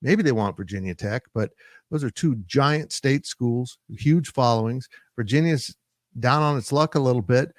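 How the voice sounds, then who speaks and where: A male sports analyst discussing college football in a measured, analytical way, with frequent "uh" fillers. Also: mid-range voice, dry recording, clean studio sound. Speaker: sports site publisher and analyst.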